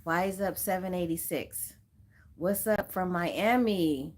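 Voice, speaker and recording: A woman's voice: mid-range voice, slow. A woman from Southern California hosting a casual livestream, chatting and greeting viewers by name with frequent laughs. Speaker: livestream host.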